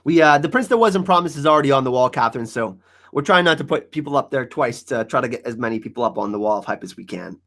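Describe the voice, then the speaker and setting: A man's voice: medium pitch, fast. A man hosting a live stream, chatting casually and joking as he answers viewers in the chat. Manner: animated, joking, reacting to chat.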